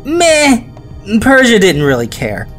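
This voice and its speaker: A man's voice: fairly high pitch, expressive, unhurried. A man hosting a podcast, telling history in a casual, joking way that drops into silly voices, with faint music behind. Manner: jokey, laughs often, drops into silly voices. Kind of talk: casual storytelling chat.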